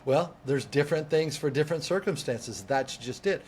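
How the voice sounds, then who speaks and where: A man, a coach and podcast guest, telling a personal story in an animated way, acting out what people said and restarting words as he goes. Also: on the high side, normal speed, slight background noise. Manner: lively, acts out quoted voices, restarts words.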